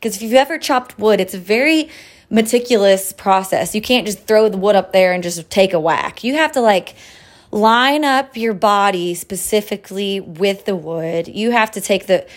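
A young woman hosts a laid-back podcast, talking in a loose, candid way. She swears freely, drifts through fillers and small laughs, and her voice sits at an ordinary middle pitch for a woman. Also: moderate pace. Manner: chatty with frequent fillers and laughs. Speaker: podcast host. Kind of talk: casual chat.

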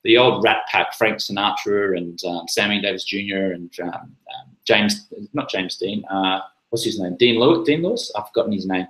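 A man's voice: fairly low pitch, normal speed, a bit bright, echoey room, rough recording. A man hosting a live chat, telling a personal story in a rambling, casual way with many fillers and restarts. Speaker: livestream host.

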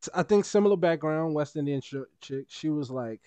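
A man's voice: on the high side, expressive, fast, dark tone, clean tone, dry recording, muffled recording. A young man co-hosting a podcast, telling stories in casual chat and acting out the people he quotes. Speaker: podcast co-host.

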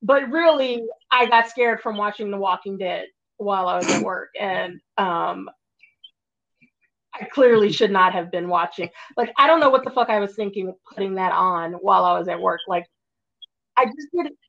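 A woman talking casually as a podcast guest, telling stories in an animated way and swearing now and then. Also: medium pitch, moderate pace, gravelly. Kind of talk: casual chat. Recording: dull lo-fi audio.

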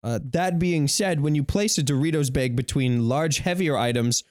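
A man co-hosting a comedy chat, reading online reviews aloud in a deadpan way. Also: a little high, moderate pace, no room sound, studio quality. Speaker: podcast co-host reading reviews.

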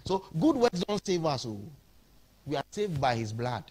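A man with a Ghanaian accent preaching an animated sermon in a church, switching between English and Twi. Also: on the high side, moderate pace, a little hiss or hum.

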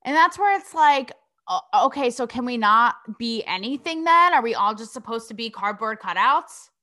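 A bright, tense-sounding young woman from Connecticut runs a casual commentary podcast. She talks bluntly and sassily, swears freely and fires off rhetorical questions, and her voice sits a little high for a woman. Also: expressive, moderate pace. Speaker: podcast host.

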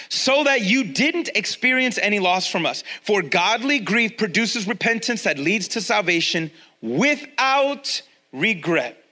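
Male pastor, high bright voice, lively conversational sermon delivery with emphatic repeats, church setting. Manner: energetic, conversational, repeats key lines for emphasis. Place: church with a congregation, also streamed online.

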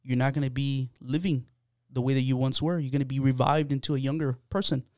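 A man's voice: medium pitch, fairly even intonation, fairly quick, a little mellow, dry recording, clean studio sound. A man, a podcast guest, telling an earnest personal story in casual chat, with many fillers and restarts.

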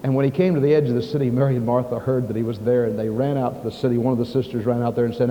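A man's voice: mid-range voice, fairly even intonation, racing, few pauses. A man preaching a sermon, telling the story with emphasis, in a dull recording with long hall echo.

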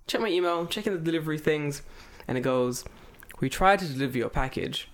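A man's voice: fairly high pitch, a little fast. A man in casual chat, telling a story with lots of swearing and acted-out voices. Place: lives in Japan.

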